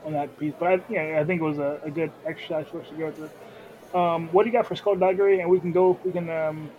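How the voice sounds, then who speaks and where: A man co-hosting a casual talk show, joking and tossing in quick quips. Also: on the high side, steady tone, narrow, tinny audio. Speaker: podcast co-host. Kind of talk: casual chat.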